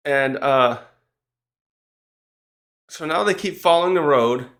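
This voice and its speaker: A man's voice: fairly high pitch, takes it slowly, fairly bright tone. A man casually recapping a manga chapter in a rambling, chatty way, with frequent restarts and small laughs.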